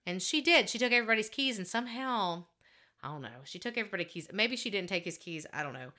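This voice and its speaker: A young adult woman, telling a story in casual podcast chat, animated and laughing. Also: mid-range voice, quick pace. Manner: animated, laughing, acts out quotes. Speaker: podcast co-host.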